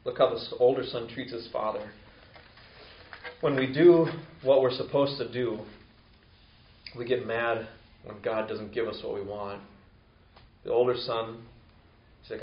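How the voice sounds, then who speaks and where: A man's voice: steady tone, unhurried, pauses often, a little hiss or hum. Man preaching in an echoey room. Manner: conversational, acts out quoted voices with rising pitch. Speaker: pastor. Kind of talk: sermon. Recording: roomy, distant, dull lo-fi sound.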